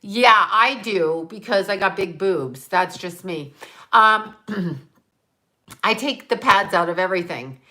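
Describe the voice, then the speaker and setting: A woman's voice: mid-range voice, lively intonation, takes it slowly, bright, forceful tone. A woman hosting her own channel, talking in a blunt, profane, rambling way and laughing at her own jokes. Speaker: channel host. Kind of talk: casual live-stream monologue.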